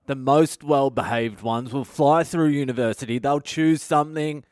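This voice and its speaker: A man's voice: medium pitch, normal speed, a little mellow, no echo, clean studio sound. A man delivering a profane, sarcastic comedic rant as a podcast host.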